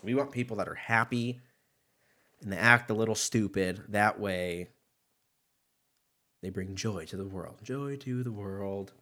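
A man's voice: fairly low pitch, a bit bright. A man hosting his own podcast in a casual, rambling way, swearing freely and laughing at his own jokes. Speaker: podcast host. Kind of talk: casual solo podcast chat.

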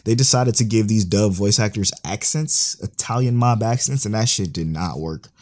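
A man's voice: fairly low pitch, normal speed, a little mellow. A man in casual conversation about an anime series, talking bluntly with plenty of profanity. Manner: blunt, profane, exasperated venting. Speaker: co-host reviewing an anime series. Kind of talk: casual podcast chat.

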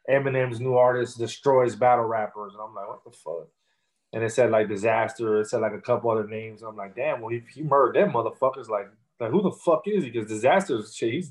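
Man in his thirties, rapper guest, easygoing and profane, talks in a mid-range voice. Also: medium pitch. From Texas. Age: 30s. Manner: loose, profane storytelling with many fillers. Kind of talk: casual interview.

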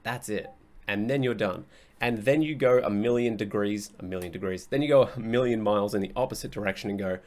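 A man's voice: lowish voice, brisk, a little mellow. A young adult man hosting a casual solo podcast as a coach, talking bluntly, swearing often and laughing easily.

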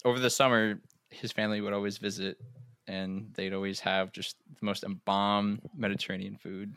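A man's voice: on the low side, flat delivery, moderate pace, fairly bright tone, smooth, no room sound. A man playing on a tabletop game podcast, easygoing and teasing. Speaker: podcast player. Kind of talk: casual podcast banter.

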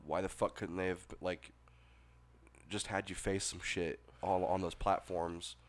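A man with a very deep voice in relaxed podcast talk about games. He rants in an exasperated way, swearing constantly. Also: a little slow. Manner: exasperated ranting, heavy swearing. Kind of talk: casual chat about video games.

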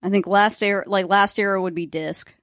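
A woman's voice: mid-range voice, fairly even intonation, no echo, studio quality. Wry woman co-hosting a podcast. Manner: wry, teasing, quick to laugh. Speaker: podcast co-host. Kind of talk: casual chat.

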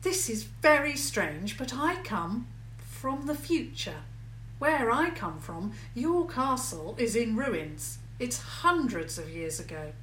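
A woman voicing a practical schoolboy who calls out briskly and a little crossly in a storybook reading. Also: a little high, sing-song, fairly bright tone, roomy sound, far from the mic, a little hiss or hum, full character voice. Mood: explaining. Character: boy, practical and a bit cross.

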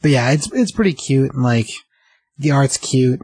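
Gravelly, husky man in easy chat. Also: medium pitch, normal speed, dry recording. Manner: relaxed, easygoing, hesitant restarts. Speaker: podcast co-host, comic reviewer. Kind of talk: casual chat.

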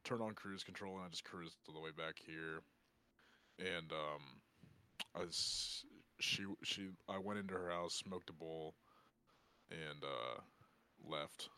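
A man's voice: deep voice, fairly even intonation, a little slow, pushed and bright, clear, resonant tone. A young man co-hosting a podcast, telling stories in casual, rambling chat, swearing a lot and laughing often. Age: young adult. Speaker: podcast co-host.

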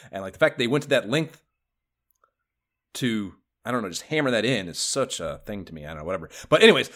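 A man's voice: medium pitch, a bit bright. A man co-hosting a casual gaming podcast, rambling and enthusiastic, swearing freely. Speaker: podcast co-host.

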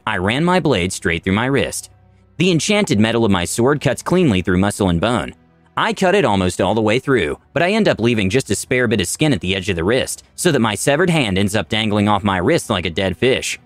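A man's voice: lowish voice, no echo. A man narrating a tabletop adventure in the first person, with a wry, dramatic telling. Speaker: storyteller of a tabletop campaign.

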